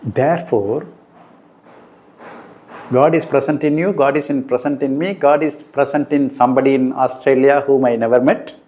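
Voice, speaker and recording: Man, middle-aged, spiritual teacher, slow and deliberate, emphatic. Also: medium pitch, fairly even intonation, a little mellow. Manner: slow, deliberate explaining, emphatic on key points. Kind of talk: recorded spiritual talk. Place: room indoors.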